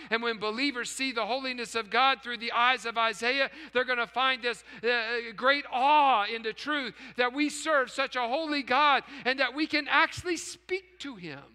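Emphatic high-voiced pastor preaching in a reverberant hall. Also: male voice, steady tone, unhurried, few pauses, clear, resonant tone. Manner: emphatic, dramatic drops to hushed repeats. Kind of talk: sermon. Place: church sanctuary.

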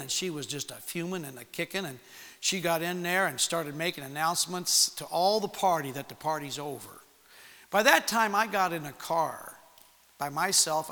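A man preaching, telling a personal story to young people in an animated way and acting out the voices in it. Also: fairly high pitch, vocal fry. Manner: animated storytelling with acted-out quotes. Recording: long hall reverb.

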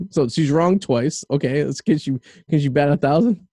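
A man hosting a loose podcast conversation, his voice mellow and relaxed. He rambles through opinions with plenty of ums and uhs. The recording is dry and close. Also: fairly high pitch, normal speed, no echo. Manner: rambling, opinionated, with lots of fillers. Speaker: podcast host. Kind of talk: casual podcast chat.

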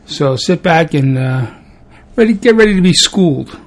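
A man's voice: on the high side, lively intonation, moderate pace. A man with a Brooklyn accent hosting a podcast, chatting casually and joking about himself, with lots of fillers. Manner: joking, self-deprecating, rambling with fillers. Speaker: podcast host.

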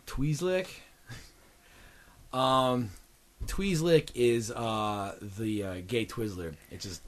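A man's voice: medium pitch, drawn-out words. A man co-hosting a casual comedy podcast, rambling through crude jokes. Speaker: podcast co-host.

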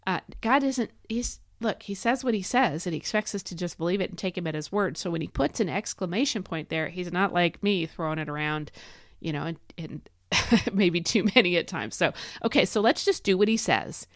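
Earnest woman with a low, dry voice. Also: moderate pace, no echo. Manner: earnest and encouraging, emphatic declarations. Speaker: podcast host. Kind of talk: devotional podcast talk.

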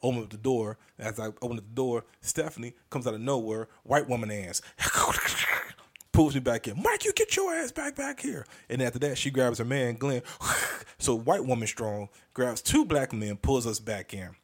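A man hosting a comedy podcast, telling a story in a casual, animated and profane way, often restarting sentences. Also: mid-range voice, normal speed.

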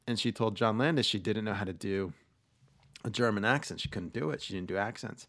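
A man's voice: lowish voice, fairly quick, a bit bright, no room sound. A man hosting a podcast, chatting casually and rambling with lots of fillers and restarts. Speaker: podcast host. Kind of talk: casual chat about movies.

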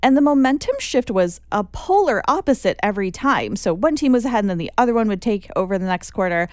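A woman chatting casually and excitedly about a football final, laughing often and using lots of fillers. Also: medium pitch, fast talker, no echo, clean studio sound.

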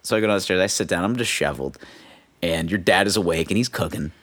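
A young man co-hosting a podcast, telling a story in casual chat and breaking into high impressions and bursts of laughter. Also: fast, a bit bright. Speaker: podcast co-host.

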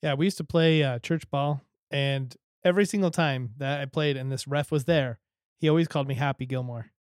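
A man's voice: mid-range voice, a little fast, clean tone, no room sound, clean studio sound. A man co-hosting a casual podcast, chatting in an easygoing way and laughing often. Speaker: podcast co-host. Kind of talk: casual chat.

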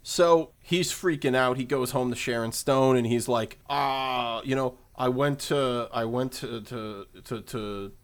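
A man co-hosting a casual movie discussion, retelling the plot in a relaxed way. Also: medium pitch, a little slow, hardly any pauses, clear, resonant tone. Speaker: podcast co-host.

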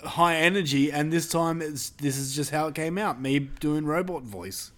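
A young man hosting a podcast in casual chat, laughing often, swearing and getting excitable. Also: a little high, normal speed. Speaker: podcast host.

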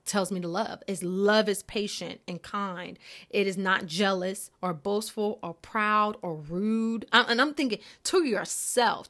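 Gentle encouraging woman devotional host. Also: mid-range voice. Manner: gentle, encouraging, repeats key phrases.

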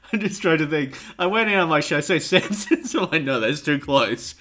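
A man co-hosting a podcast in casual chat, animated and quick to laugh. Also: on the high side. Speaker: podcast co-host.

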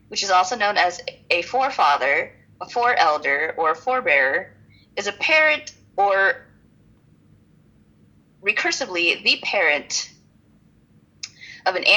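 A woman's voice: mid-range voice, very animated, unhurried, bright, forceful tone, highs cut off. A woman co-hosting a casual podcast, reading notes aloud with frequent laughs and self-deprecating asides. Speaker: podcast co-host.

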